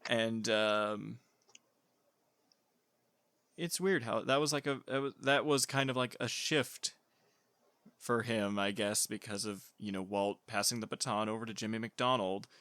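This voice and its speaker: A man's voice: fairly low pitch, measured pace, pauses often, a bit bright, smooth, no echo. A man co-hosting a podcast in casual chat, chatty, laughing often and trailing off with fillers. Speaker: podcast co-host.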